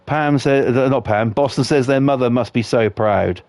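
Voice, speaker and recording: A man's voice: mid-range voice, normal speed, darkish tone, dry recording. A man live-streaming a game, ranting about football and reading chat with constant swearing. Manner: profane, ranting, heavy swearing.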